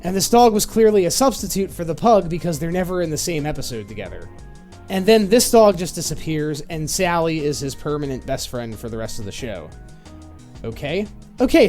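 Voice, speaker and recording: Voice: mid-range voice, darkish tone. Sarcastic, swearing show reviewer. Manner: sarcastic, exasperated, swears often. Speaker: video reviewer. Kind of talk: profane comedic review commentary.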